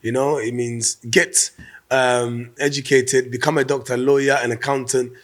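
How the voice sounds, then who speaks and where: A man, a comedian being interviewed, talking in a relaxed, reflective way and restarting words mid-thought. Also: medium pitch, moderate pace. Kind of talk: casual interview.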